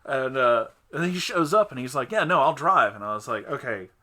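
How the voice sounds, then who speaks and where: A man hosting a casual podcast chat, telling an animated story, acting out the other people's lines and often breaking into laughter. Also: medium pitch, fairly quick. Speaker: podcast host.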